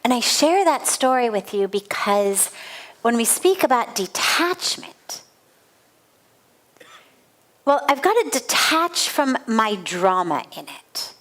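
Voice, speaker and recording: Her voice is a little high and a bit bright as this middle-aged spiritual teacher tells a personal story during satsang. She delivers it earnestly, with vivid emphasis and phrases she repeats.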